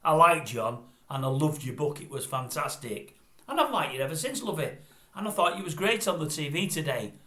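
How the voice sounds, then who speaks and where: An older man rants bluntly into the camera in a high, bright voice, grumbling and rambling from one pet hate to the next. The room around him is roomy and echoey. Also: big pitch swings, a little fast. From Britain. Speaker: vlogger. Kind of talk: opinionated monologue to camera. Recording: roomy echo.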